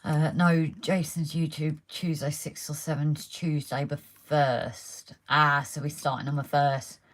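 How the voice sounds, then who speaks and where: Hobby live-stream host: a low-pitched woman who chats casually while she works and is losing her voice. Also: flat delivery, measured pace. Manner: chatty, talks while working, reads out viewer comments. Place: indoors at a model railway layout.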